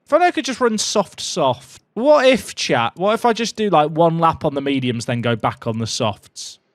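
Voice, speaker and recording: A young man giving excitable, jokey commentary while playing a racing game, talking to his chat and shouting at his drivers. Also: on the high side, moderate pace, no room sound. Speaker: gaming video creator. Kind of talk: casual gameplay commentary.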